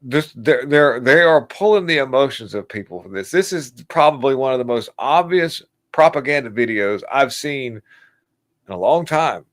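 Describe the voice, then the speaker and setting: A man's voice: mid-range voice, lively intonation, moderate pace, a bit bright. A man hosting a casual political livestream, rambling and mocking in a crude way and laughing at his own jokes. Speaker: livestream host.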